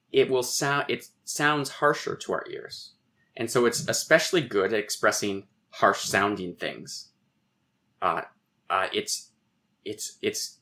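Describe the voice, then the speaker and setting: A man's voice: lowish voice, a bit bright. A man, a poet and philosopher, explaining poetic meter in a thoughtful, professorial way with frequent restarts. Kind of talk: conversational lecture on poetic meter.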